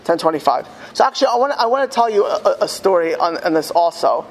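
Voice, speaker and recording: A man telling a story to an audience with halting restarts, his voice rising to high cries in quoted lines. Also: lively intonation. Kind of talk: impassioned storytelling talk. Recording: long hall reverb, faint ambience.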